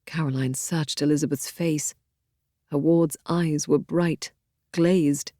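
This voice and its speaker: Brief: audiobook narrator, woman, low and dark voice, dry close studio sound, measured and expressive. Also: dry recording. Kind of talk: scripted narration of a historical novel.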